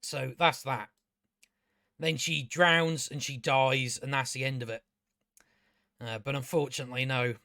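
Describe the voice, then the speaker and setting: A man's voice: medium pitch, fairly even intonation, unhurried, pauses often, bright, forceful tone, no echo. Exasperated swearing man, close dry mic. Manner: sarcastic, exasperated, swears a lot; mocking impressions of characters. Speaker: show reviewer. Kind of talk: casual profane rant.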